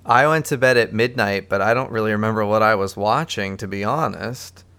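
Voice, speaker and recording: A man's voice: fairly low pitch, brisk, fairly bright tone, clear, resonant tone. A man hosting and editing a casual podcast, joking playfully with his co-hosts. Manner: playful, jokey, laughs easily. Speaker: podcast host and editor.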